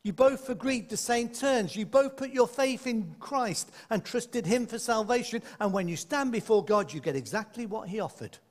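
A man preaching a sermon to a congregation, lively and conversational, with playful asides. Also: extremely high pitch, moderate pace, hardly any pauses. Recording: echoey hall.

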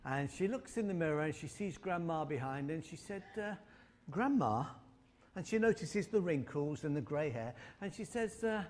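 Preacher with an emphatic, storytelling delivery. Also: male voice, fairly high pitch, lively intonation, normal speed, a little mellow. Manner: storytelling with humor and emphatic repetition. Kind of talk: sermon.

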